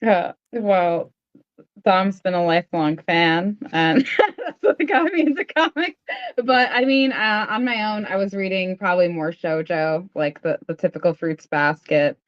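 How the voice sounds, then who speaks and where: A woman's voice: fairly low pitch, unhurried, no echo. Woman, comic creator guest, rambling casual talk, dry lo-fi sound. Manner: thoughtful, rambling with fillers. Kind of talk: casual interview chat.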